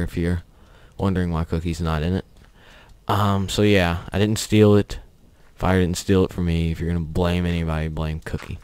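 A young man with a low, clean voice hosts a gaming channel, telling a rambling, offhand story with chuckles as he plays. It's casual commentary laid over gameplay.

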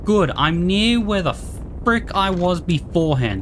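A woman's voice: lowish voice, animated, measured pace, slight background noise. A woman giving let's play commentary, ranting and swearing at enemies in exasperation. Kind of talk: gameplay commentary.

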